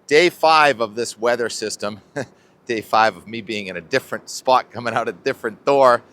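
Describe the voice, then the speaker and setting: A man's voice: mid-range voice, moderate pace, fairly bright tone. A middle-aged man hosting a weather vlog outdoors on a beach, talking casually and thinking aloud about the forecast into a clip-on mic. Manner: chatty, rambling, thinking aloud.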